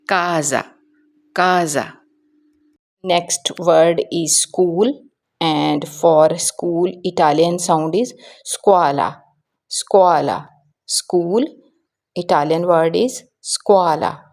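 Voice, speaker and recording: A woman teaching vocabulary, repeating each word several times in a careful, measured way. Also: lowish voice, a little mellow. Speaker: language teacher. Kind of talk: slow, repetitive vocabulary lesson.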